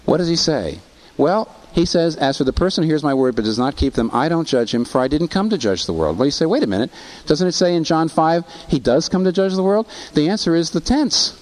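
A man preaching a sermon, asking rhetorical questions and rising in pitch on emphasis. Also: expressive, fairly quick. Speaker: pastor.

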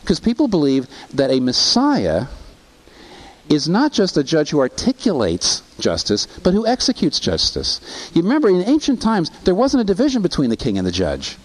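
A man preaching a sermon, asking rhetorical questions and rising in pitch on emphasis. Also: huge pitch swings, normal speed. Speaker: pastor.

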